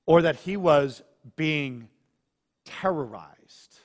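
A man's voice: a little high, animated, extremely slow, big-room sound. A man preaching a sermon as a pastor, earnest, acting out the feelings of the people he quotes.

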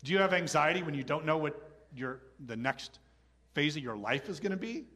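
A middle-aged man delivering a sermon in a chatty, animated style. His voice sits a little high and sounds bright and forceful. He often slips into quoted voices to act out scenes. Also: brisk. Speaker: pastor.

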